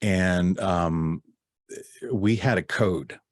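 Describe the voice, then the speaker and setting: A man's voice: sits low, extremely slow, no room sound, clean studio sound. A middle-aged man, a guest actor and narrator, telling backstage stories in a rambling, chatty way with many restarts. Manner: rambling, with restarts and warm laughs. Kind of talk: casual interview storytelling.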